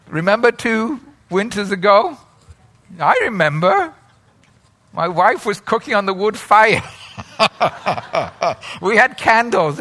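A man's voice: sits high, bright, forceful tone. A man preaching a sermon in a chatty way, asking the congregation questions and laughing often. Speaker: pastor.

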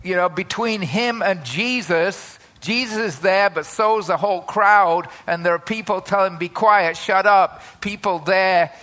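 A man preaching a sermon in a bright, clear voice that sits high for a man. His delivery is conversational, full of asides and quick tag questions to the listeners.

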